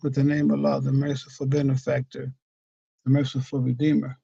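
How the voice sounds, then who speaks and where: A man leading a weekly scripture study lesson as a religious teacher, explaining patiently and pausing often with fillers, recorded on a computer mic at his desk. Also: mid-range voice, completely flat delivery, gravelly, mellow, slightly rough, no echo, highs cut off.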